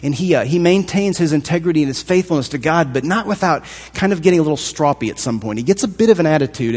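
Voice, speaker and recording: A man preaching a sermon in a thoughtful, conversational way, with a husky voice. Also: medium pitch, darkish tone. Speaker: pastor. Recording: long hall reverb.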